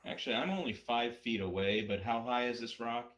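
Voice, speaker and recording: A man's voice: mid-range voice, a little fast, fairly bright tone. A man playing in a tabletop game, casually asking the game master questions about the rules. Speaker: player.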